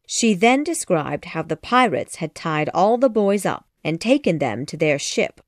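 With a voice on the low side, this woman reads a children's classic as an audiobook in a measured, expressive style. The studio recording is clean, with no room sound.

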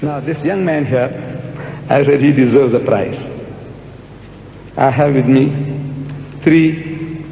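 A man's voice: medium pitch, slow, creaky, pauses often, muffled recording. Guy preaching at a q&a, repeats himself a lot, roomy echo and a faint hiss. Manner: emphatic, repeats words for effect. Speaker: public speaker answering audience questions. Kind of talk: public lecture Q&A. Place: large lecture hall with audience. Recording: echoey hall with long reverb, faint noise.

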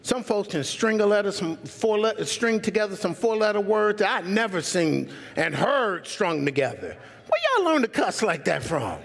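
A man preaching a sermon as pastor, animated and joking, speaking straight to his congregation. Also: sits high, normal speed, vocal fry. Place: church sanctuary. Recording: long church reverb.

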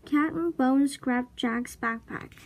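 A woman slowly reading a children's chapter book aloud, with deliberate storybook narration. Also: sits high, background noise. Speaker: reader.

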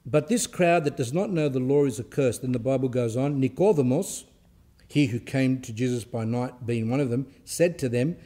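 Mellow-voiced man giving a scripture talk. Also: medium pitch. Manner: reads a passage aloud, then pauses to explain it in plain words; halting and conversational, with restarts. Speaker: Orthodox speaker giving a talk. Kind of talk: sermon talk with scripture reading and commentary.

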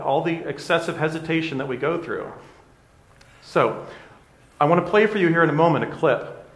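A man's voice: a little high, a bit bright. A middle-aged man, a hypnotherapist, giving a candid, conversational motivational talk and often checking in with his listeners. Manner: candid, conversational, with frequent tag questions. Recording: echoey room.

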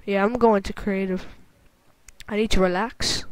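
A woman giving casual let's-play commentary, excitable and quick to exclaim or groan at her own mistakes. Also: mid-range voice, slight background noise. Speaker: gameplay commentator.

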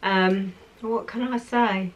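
A woman in her sixties chatting casually on her lifestyle vlog, soft-spoken and heartfelt. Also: medium pitch, fairly even intonation, slow, rough recording. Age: 60s. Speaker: lifestyle vlogger.

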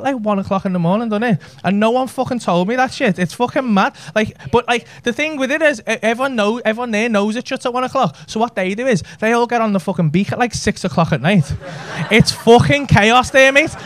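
A man's voice: extremely high pitch, a bit bright. A man, telling a brash, sweary story in a stand-up set. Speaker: stand-up comedian. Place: comedy club stage with audience laughter.

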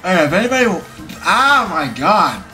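A man's voice: high-pitched, sing-song, normal speed, pushed and bright. Guy streaming and rambling, tired, trips over his words, voice jumps all over, faint music behind. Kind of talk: casual live-stream chat.

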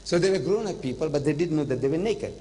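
An older man giving an animated religious lecture, telling stories and slipping in phrases. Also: on the high side, quick pace, a little hiss or hum. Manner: animated storytelling, switching into Hindi-Urdu phrases. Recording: long hall reverb.

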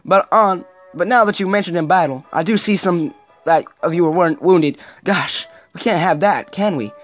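A man's voice: fairly high pitch, animated, a little fast, faint music behind. A man voicing a flamboyant, cheerful male archduke with a put-on southern drawl while reading game dialogue aloud. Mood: jovial. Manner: jolly, folksy, playful.

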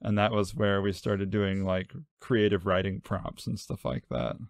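A man co-hosts a casual podcast with a fairly low voice. He rambles through stories and makes self-mocking jokes. The sound is dry and close. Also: flat delivery, a little slow, vocal fry, no echo. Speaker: podcast co-host. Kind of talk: casual chat.

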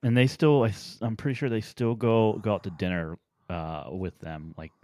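A man with a lowish voice rambling playfully in casual podcast talk. He leans on fillers and the sound is dry. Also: fairly even intonation, moderate pace, mellow, no room sound. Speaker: podcast co-host. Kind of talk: casual chat.

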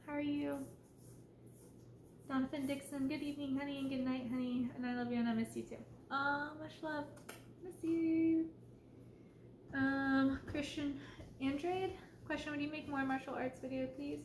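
A soft-spoken woman hosting a casual livestream Q&A as an ASMR creator, reading out viewers' names and questions and now and then scolding her cat. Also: high-pitched, steady tone, moderate pace, long pauses, roomy sound, slight background noise.

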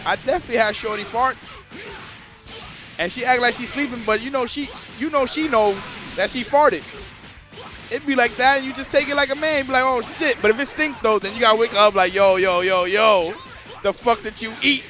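High bright guy streaming a fighting game, crude jokes, keeps talking to chat, faint music under him. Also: brisk, long pauses. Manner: crude, joking, talks straight to the chat. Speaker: streamer and tournament commentator. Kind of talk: casual live-stream commentary.

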